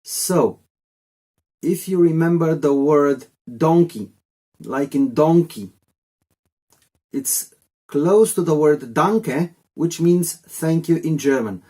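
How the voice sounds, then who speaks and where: A man's voice: on the high side, animated, slow, pauses often, dark tone. A man teaching a casual video lesson in a chatty, rambling way with jokey asides. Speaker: language teacher.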